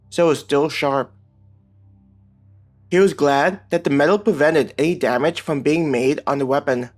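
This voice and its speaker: Male audiobook narrator, slightly high, calm scripted reading. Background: soft background music.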